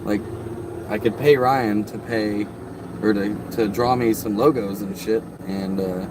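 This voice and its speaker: A man's voice: on the low side, steady tone, unhurried, noisy background. A man chatting loosely on a casual outdoor live stream, rambling and swearing freely. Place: outdoors by his truck at a park.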